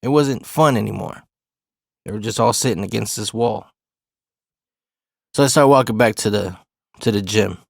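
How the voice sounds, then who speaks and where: A man's voice: on the low side, normal speed, vocal fry, long pauses, no room sound, clean studio sound. A man in his forties telling a personal story in laid-back, profane street talk. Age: 40s.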